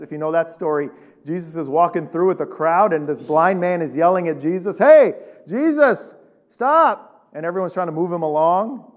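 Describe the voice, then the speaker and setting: A man with a fairly high voice preaches to his congregation. He keeps it loose and conversational and keeps throwing rhetorical questions at the listeners. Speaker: pastor. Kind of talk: sermon.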